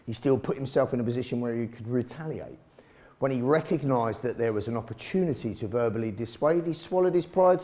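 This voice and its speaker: A man coaches a self-defence drill in plain, blunt terms, swearing casually as he explains. His voice sits at an ordinary middle pitch. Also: a little mellow. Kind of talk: instructional commentary.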